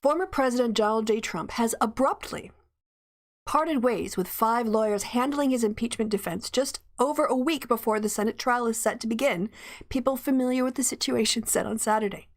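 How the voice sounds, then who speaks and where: A woman's voice: fairly high pitch, normal speed. Gleeful chatty woman host. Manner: gleeful, laughing often, chatty asides. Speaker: livestream host. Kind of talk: casual commentary, reading news aloud.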